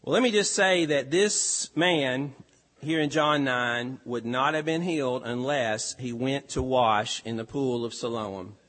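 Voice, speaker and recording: A pastor delivering a sermon, with an earnest, emphatic delivery that rises and falls. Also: male voice, mid-range voice, unhurried, a bit bright. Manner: earnest, emphatic preaching with rising and falling delivery.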